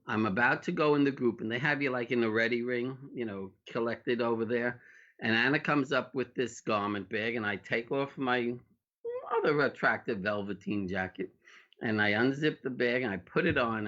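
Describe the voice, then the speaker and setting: A middle-aged man, a dog show handler, telling anecdotes in an interview in an animated way, acting out the voices of the people in his stories. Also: mid-range voice, normal speed. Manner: animated storyteller, acts out quoted voices. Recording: muffled lo-fi interview audio.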